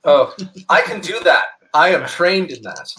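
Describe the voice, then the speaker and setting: A man's voice: on the high side, very animated, a little slow, a bit bright. A man playing in a tabletop game, rambling eagerly through his ideas. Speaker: player. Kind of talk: casual tabletop game chat.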